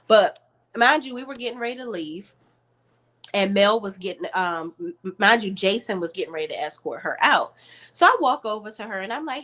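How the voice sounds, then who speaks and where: A woman's voice: on the high side, brisk. A woman hosting her online show, telling viewers a story in a chatty, slangy way. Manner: animated, slangy, addresses viewers as y'all.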